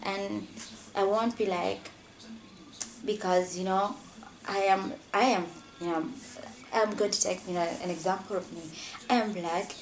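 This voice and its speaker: A woman's voice: mid-range voice, fairly even intonation, measured pace, long pauses, soft background music, low-quality recording. A young woman talking earnestly to her camera in a rambling personal vlog, filling her sentences with "you know.". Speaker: vlogger.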